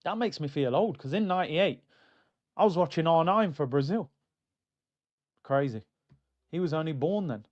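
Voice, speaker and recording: High-voiced man ranting about football. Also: normal speed, long pauses. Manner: animated, mocking, slangy. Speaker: football fan channel host. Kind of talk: ranting fan commentary. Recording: dull lo-fi sound.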